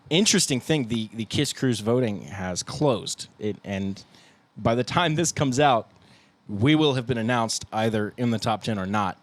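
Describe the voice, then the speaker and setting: A man's voice: medium pitch, animated, a little slow. A young man co-hosting a casual band podcast, joking and laughing a lot and acting out what people said. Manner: jokey, laughs often, acts out quotes. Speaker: podcast co-host, band guitarist. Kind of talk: casual chat.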